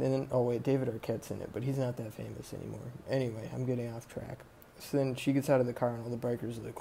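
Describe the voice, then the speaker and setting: A man with a gravelly, dark voice retells a film for his podcast. He talks in a flat, even tone. He rambles, swears a lot and keeps drifting off the plot. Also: mid-range voice, slight background noise. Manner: rambling, profane, sidetracked. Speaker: podcast host. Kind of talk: casual movie recap.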